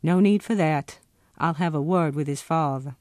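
A woman reading a firm, calming farmer husband. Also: sits low, moderate pace, no echo, clean studio sound, natural voice.

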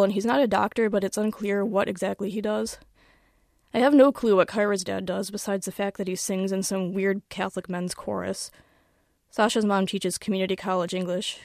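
Woman, author reading her own fiction, wry deadpan tone, mid pitch, dry close-miked sound. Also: no echo. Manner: wry, deadpan first-person delivery.

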